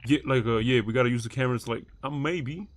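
A young man streaming a heist roleplay, rambling and swearing as he thinks the plan out loud. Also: mid-range voice, fast, a little hiss or hum. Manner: rambling, profane, thinks aloud while planning. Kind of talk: casual gaming chat.

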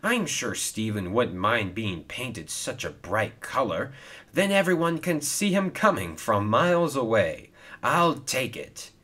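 A man's voice: medium pitch, very animated, unhurried, pushed and bright, exaggerated voice. A man voicing a kind, helpful male steam engine in a storybook reading, friendly and earnest.

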